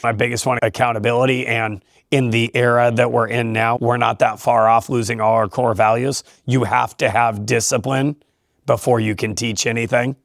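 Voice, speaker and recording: A man who coaches high school wrestling, talking in a relaxed interview in an emphatic, motivational way and laughing often. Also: moderate pace, gravelly, dry recording, studio quality. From California. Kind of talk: casual interview talk.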